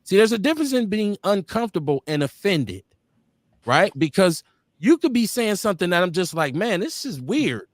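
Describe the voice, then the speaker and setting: A middle-aged man hosts a loose live talk show in a high, animated voice, jumping up and down in pitch whenever he quotes someone. The sound is close and dry, with no room around it. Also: a little fast, dry recording. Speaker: radio show host.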